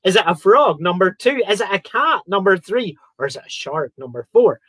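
A man's voice: high-pitched, animated, normal speed, a bit bright, no room sound. A man hosting a live online quiz, chatting with viewers and joking between questions. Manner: chatty, reads out viewer comments and jokes around. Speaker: quiz host. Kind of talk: live-streamed quiz chat.

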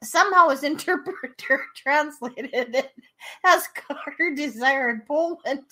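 High, giggly woman host. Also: slow pace, sharp tone. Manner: giggly, laughs through her words. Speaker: podcast host. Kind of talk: casual storytelling chat.

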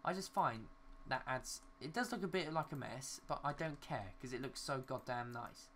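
A man's voice: medium pitch, moderate pace, a bit bright, slight background noise. A young man giving casual, rambling commentary while building in a city game, talking to himself and swearing mildly at glitches. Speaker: gaming YouTuber.

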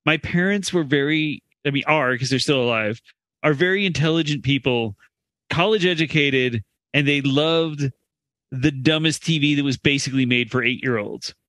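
A man's voice: medium pitch, moderate pace, a bit bright. A man co-hosting a podcast, chatting casually and laughing easily. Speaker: podcast co-host. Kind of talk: casual chat.

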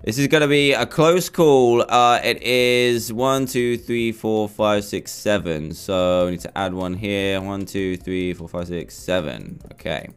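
A man's voice: lowish voice, measured pace, few pauses, smooth. A young man commentating his own gameplay, chatty and flustered as he talks himself through a build. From England. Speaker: gaming YouTuber.

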